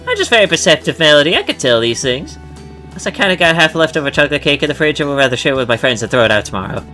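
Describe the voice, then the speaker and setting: A man plays a bubbly, hospitable cafe owner in a role-play game, talking high and loud. The tone is bright and the pitch jumps about, while faint music plays behind. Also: big pitch swings, racing. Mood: cheerful. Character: cheerful generous cafe owner Beverly.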